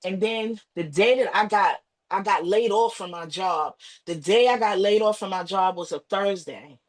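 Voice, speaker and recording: Woman guest, emotional storytelling, middle-pitched voice, acts out family voices. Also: normal speed. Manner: animated retelling with acted quotes and repetition. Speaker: podcast guest.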